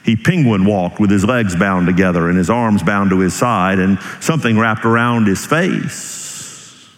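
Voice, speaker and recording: A male pastor preaching with great animation, leaping up high for emphasis and then dropping low and slow. His voice rings out with a long hall reverb, as in a church sanctuary. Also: fairly bright tone. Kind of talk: sermon.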